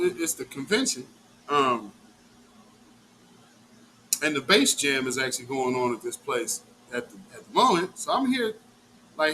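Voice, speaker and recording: A man's voice: on the high side, a little hiss or hum. A middle-aged man hosting a live show, telling a story in a casual, profane rant. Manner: animated, profane, acts out quotes.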